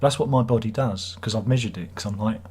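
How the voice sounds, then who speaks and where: Rambling British man, husky voice. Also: lowish voice, fast talker, darkish tone. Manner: rambling, chatty, wry self-mocking. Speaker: livestream host. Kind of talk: casual livestream chat.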